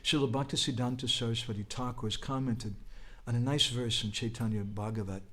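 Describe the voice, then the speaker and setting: A man's voice: medium pitch, brisk. A man giving a devotional talk, telling stories with whispered asides and chanted verses. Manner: animated storytelling, drops to whispers, bursts into chanting. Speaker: spiritual teacher.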